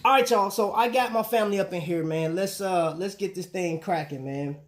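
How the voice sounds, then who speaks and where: A man's voice: high voice, a little fast. A man hosting a casual live stream, talking loosely with his viewers and throwing "man" and "bro" into most lines. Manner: laid-back slang, chatting with viewers, often saying "man".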